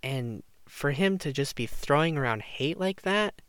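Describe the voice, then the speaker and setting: A teenage boy telling a high school story in a casual rant, packed with "like" and sudden mock shouts. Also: unhurried, clear, resonant tone, no echo. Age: teens. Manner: animated, lots of "like", mimics others with shouts.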